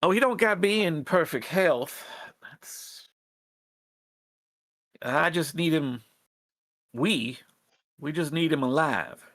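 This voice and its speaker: A man's voice: fairly high pitch, lively intonation, slow, long pauses, fairly bright tone, no room sound, studio quality, voice pushed up, exaggerated voice. A man voicing an earnest female rat rebel who pleads for allies, in a hesitant folksy drawl full of restarts. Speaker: game master. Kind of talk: in-character role-play in a tabletop game.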